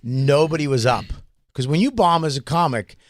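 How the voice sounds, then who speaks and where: A man's voice: fairly high pitch, normal speed, no echo, studio quality. A man, a comedian co-hosting a podcast, telling a long profane story in a rambling casual way.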